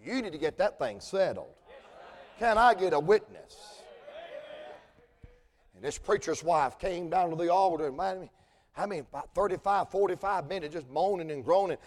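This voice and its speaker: A male preacher, telling folksy stories and building to shouted preaching. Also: high-pitched, normal speed, pauses often. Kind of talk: sermon.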